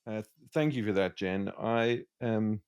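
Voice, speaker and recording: Slow, smooth-voiced podcast host. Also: mid-range voice, a little mellow. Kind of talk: interview conversation.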